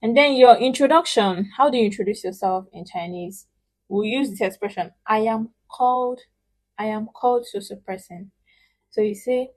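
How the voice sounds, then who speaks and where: A woman leads a spoken language lesson at an unhurried pace. Her voice sits at a middling pitch. She repeats each word several times and leans hard on each syllable so learners can follow along aloud. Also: darkish tone. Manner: patient, repeats words slowly for learners to echo; models pronunciation with emphatic, drawn-out syllables. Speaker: language teacher.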